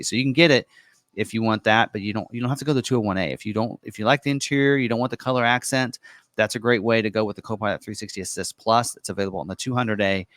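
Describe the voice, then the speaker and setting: A man with a fairly low voice talks through an online configurator in a loose, unscripted way. He fills pauses with ums and uhs and corrects himself as he goes. The sound is dry and close, with no room echo. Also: fairly bright tone. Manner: casual and chatty, many ums and uhs, corrects himself on the fly. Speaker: car presenter walking through an online configurator. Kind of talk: unscripted screen walkthrough.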